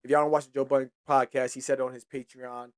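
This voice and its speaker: A man's voice: medium pitch, level tone, fast, smooth. A man hosting a hip-hop podcast who talks casually and profanely, gives heated opinions and often trails off and restarts his sentences. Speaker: podcast host.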